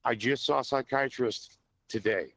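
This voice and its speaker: A man's voice: mid-range voice, normal speed, a bit bright, no room sound. A man calling into a radio show, defiant and sarcastic with the hosts. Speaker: caller. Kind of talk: phone call to a radio show.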